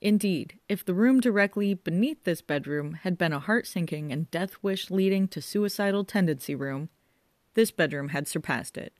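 A woman narrating a comic audiobook in a wry, even storytelling manner. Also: fairly low pitch, dry recording, studio quality.

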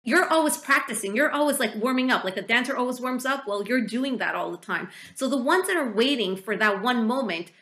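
A woman interviewer asking questions casually, with quick encouraging affirmations. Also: on the high side, animated, fairly bright tone.

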